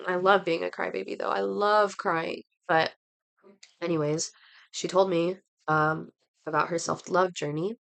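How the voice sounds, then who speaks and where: A woman's voice: on the low side, fairly even intonation, a little slow, vocal fry. A woman with a cold, rambling through a heartfelt story in casual chat while she does her makeup. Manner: rambling, heartfelt, lots of fillers. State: congested from a cold. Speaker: vlogger.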